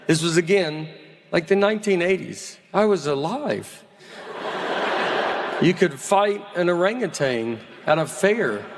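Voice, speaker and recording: A man, doing a slow, deadpan stand-up comedy set on a theater stage. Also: a little high, noisy background. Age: 40s. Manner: slow deadpan storytelling, drawn-out pauses. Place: large theater with a live audience. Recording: live stage recording with loud crowd. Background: loud audience laughter.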